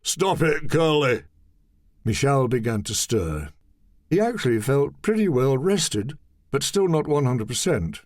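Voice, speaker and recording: A man narrating a children's audiobook in a lively, expressive reading. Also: medium pitch, moderate pace, dry recording, studio quality. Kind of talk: scripted storybook narration.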